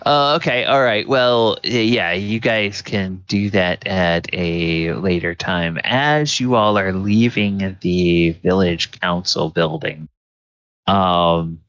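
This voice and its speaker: A man with a low, deep voice runs a tabletop game at an unhurried pace, stopping often for fillers as he narrates. The sound is dull and muffled, with no room echo. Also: fairly bright tone, clean tone. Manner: halting, many fillers. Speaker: game master.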